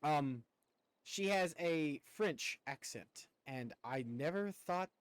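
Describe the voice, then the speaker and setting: A man's voice: on the high side, animated, takes it slowly, clear, resonant tone, no room sound. Rambling male streamer, dry sound. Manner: rambling, curses casually. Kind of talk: casual live-stream chat.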